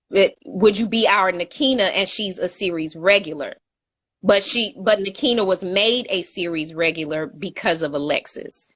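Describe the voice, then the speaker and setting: A woman co-hosting a casual talk show tells a long, chatty story in a pushed, bright, medium-pitched voice, pausing to correct her own slips with a laugh.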